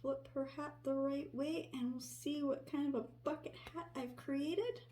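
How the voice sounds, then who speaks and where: Soft-spoken woman talking while sewing. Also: high-pitched, a little slow. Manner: soft-spoken, thinking aloud as she works, often dropping to a whisper. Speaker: crafter sewing on camera. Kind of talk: casual crafting narration. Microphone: desk microphone near her.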